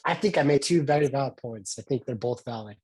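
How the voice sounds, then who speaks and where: A man's voice: mid-range voice, quick pace, a little mellow, husky. A man co-hosting a podcast in casual chat, brash and slangy, defending his views. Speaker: podcast co-host.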